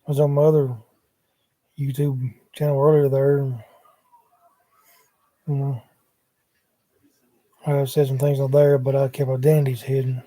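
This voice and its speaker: Man, casual rambling livestreamer, dark mellow voice, dry laptop sound. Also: mid-range voice, little pitch movement, a little slow, pauses often, no room sound. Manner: drawling, wandering, muttering asides. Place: at home, sprawled on a couch. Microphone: laptop microphone.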